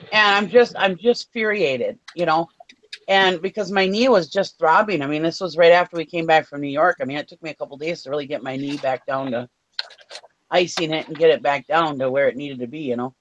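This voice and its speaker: A woman's voice: low voice, moderate pace, a bit bright, lo-fi sound, a little hiss or hum. A woman co-hosting a casual show, telling an angry story with blunt swearing. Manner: fired-up storytelling, swears freely. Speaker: co-host. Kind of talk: casual chat.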